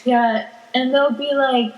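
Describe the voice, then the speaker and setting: A teenage girl chatting casually as a podcast guest, giggling and telling animated stories. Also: high voice, takes it slowly. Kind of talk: casual chat. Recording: echoey room.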